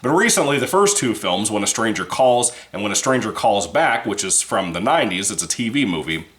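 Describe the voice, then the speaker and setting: Reviewing a movie casually, a man speaks fairly quickly in a fairly low, sing-song voice with a fairly bright tone. His take is rambling and profane, punctuated by frequent laughter.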